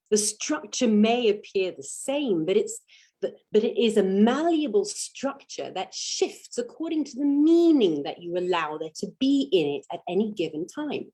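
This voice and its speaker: A woman giving a spiritual teaching in a slow, deliberate, meditative way, leaning on single words for emphasis. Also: medium pitch, darkish tone, breathy edge.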